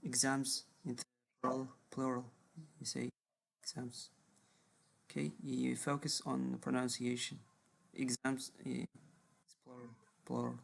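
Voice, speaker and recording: A man's voice: medium pitch, monotone, moderate pace, gravelly. A man teaching a one-on-one English grammar lesson over a call, patient and repeating words often.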